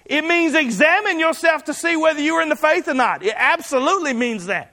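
A man preaching a sermon, emphatic and building to shouts on key lines. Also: extremely high pitch, animated, fairly quick, in a large hall.

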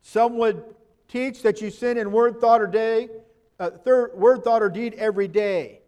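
A man's voice: sits high, fairly even intonation, unhurried, warm tone. A man preaching a sermon in a conversational way, asking his listeners questions and reading scripture aloud. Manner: reads scripture verses aloud.

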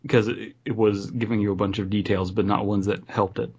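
A man's voice: on the low side, level tone, brisk, darkish tone, husky. A man co-hosting a podcast, chatting casually, swearing and reading a horror story aloud. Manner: swearing, enthusiastic, dry asides. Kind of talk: casual chat and read-aloud.

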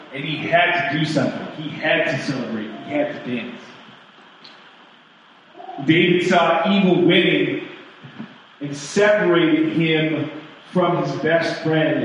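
A man's voice: on the high side, slight background noise. Man preaching in an echoey hall. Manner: storytelling, halting restarts, laughs at own joke. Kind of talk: sermon. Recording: echoey hall, mic far off, dull.

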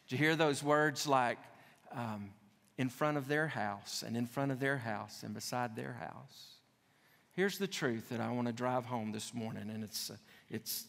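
A man's voice: mid-range voice, gravelly, fairly bright tone. A man preaching a sermon as pastor, repeating key phrases for emphasis with conversational asides to his congregation. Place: church sanctuary. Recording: long hall reverb.

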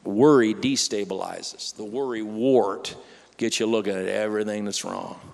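A man's voice: on the low side, normal speed, vocal fry, darkish tone, in a large hall. A man preaching a sermon, quoting scripture and acting out worried people and chirping birds. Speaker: pastor.

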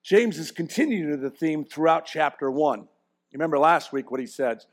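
Man preaching a lively sermon. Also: a little high, moderate pace. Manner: animated, swinging from quiet asides to loud emphatic points; self-mocking humor, restarts and stammers. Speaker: pastor.

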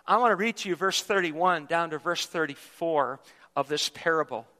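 Male pastor, high bright voice, emphatic sermon delivery, recorded in a reverberant church hall. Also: moderate pace. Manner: emphatic preaching with repetitions. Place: church sanctuary.

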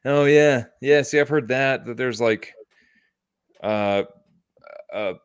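A young man co-hosting a casual podcast, slangy and making deadpan jokes. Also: mid-range voice, takes it slowly, clean tone. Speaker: podcast co-host. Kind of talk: casual chat.

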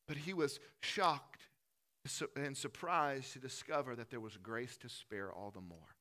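A man preaching a sermon in a church, impassioned, building to loud lists and dropping to soft pleading. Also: medium pitch, a little slow. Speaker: pastor.

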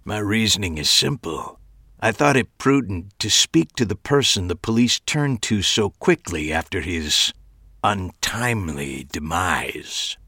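A man voicing a frail, eerie, theatrical old man in an audiobook, with a throaty, rasping growl and a slow, grandiose, sinister manner. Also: sits low, lively intonation, bright, forceful tone, no echo, studio quality, exaggerated voice. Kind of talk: audiobook character voice.

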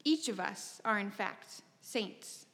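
A woman pastor preaching a sermon, measured and emphatic, with wry asides. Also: mid-range voice, expressive, fairly bright tone. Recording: long reverb from a large hall.

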